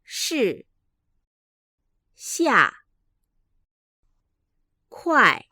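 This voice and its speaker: A woman's voice: on the high side, wildly swooping pitch, sharp tone, husky, no echo, clean studio sound. A woman carefully pronouncing single example words one at a time. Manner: slow, careful single-word demonstrations. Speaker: example speaker.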